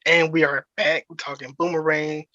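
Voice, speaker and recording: A man's voice: fairly high pitch, little pitch movement, normal speed, bright, forceful tone, no room sound, highs cut off. A man hosting a podcast, chatting casually and in a laid-back way about a movie. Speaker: podcast host.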